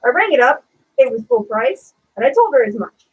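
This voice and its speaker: A woman co-hosting a casual podcast, telling a sarcastic retail story in a lively, chatty way. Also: sits high, fairly quick, breathy edge, phone-quality sound. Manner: animated, sarcastic retelling of a retail customer. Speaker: podcast co-host.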